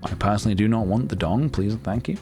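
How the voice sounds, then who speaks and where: Over soft background music, a thirty-something man's mellow, lowish voice moves fast as he live streams. He rambles playfully, narrating his own work to himself.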